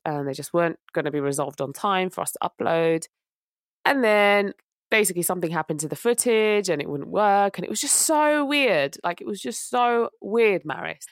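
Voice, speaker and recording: A woman's voice: low voice, no echo, clean studio sound. A young woman, ranting animatedly as a podcast co-host, unwell. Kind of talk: casual chat.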